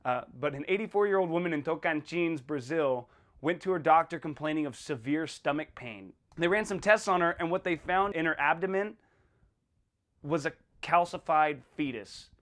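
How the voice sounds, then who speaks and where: A man hosting a podcast in a casual monologue, animated and blunt, acting out little exchanges as he talks. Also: a little high, moderate pace. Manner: animated, acts out little dialogues in a raised voice; blunt and irreverent. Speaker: podcast host.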